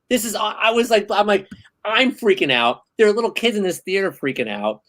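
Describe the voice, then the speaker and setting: A man in his thirties hosting a casual podcast chat, telling stories in an animated, excitable way. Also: high-pitched, brisk, low-quality recording. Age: 30s. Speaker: host.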